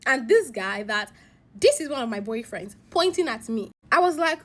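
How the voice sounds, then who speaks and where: A woman narrating a story-time letter with a fairly high voice. She is animated, dropping to hushed asides and then jumping up loud at the big moments. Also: normal speed.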